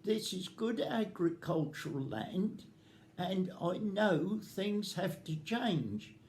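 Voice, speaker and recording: Slow, emphatic older man, indignant. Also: high voice, lively intonation, darkish tone. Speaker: retired farmer guest. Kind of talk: prepared statement at a community event. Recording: faint background noise.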